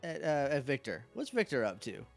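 A man playing a tabletop role-playing game, playful and animated, who jokes around in his turns. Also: mid-range voice, vocal fry, faint music behind. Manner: playful and animated, quick to laugh. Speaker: player.

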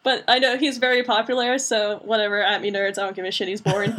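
A woman's voice: mid-range voice, flat delivery, fast talker, a bit bright. A woman co-hosting a podcast, casually recapping a video game in a rambling, joking and blunt way, full of fillers. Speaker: podcast co-host.

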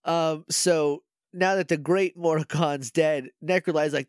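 A man's voice: a little high, steady tone, measured pace, no echo, clean studio sound. A man co-hosting a podcast, chatting casually as he retells scenes with quoted voices and laughter. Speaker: podcast co-host. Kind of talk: casual recap chat.

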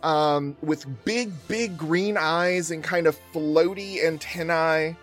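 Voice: mid-range voice, takes it slowly, soft background music. A game master narrating a tabletop role-playing game and explaining the rules plainly.

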